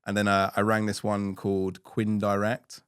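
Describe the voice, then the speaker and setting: A man's voice: lowish voice, moderate pace, clean tone, no room sound, clean studio sound. A man, co-hosting a casual chat show and joking animatedly. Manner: animated, jokey, breaks into exaggerated quoted voices. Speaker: co-host.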